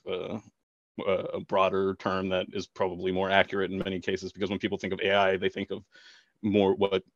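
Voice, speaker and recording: Deep-voiced man on a muffled call. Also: dry recording. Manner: thoughtful, halting, many fillers. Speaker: podcast co-host. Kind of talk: casual podcast chat.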